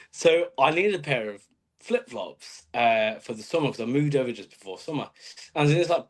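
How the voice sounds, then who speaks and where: A man from Australia who lives in England, a podcast guest telling stories in a dry, self-mocking way with lots of fillers. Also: mid-range voice. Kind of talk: casual chat. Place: living in England.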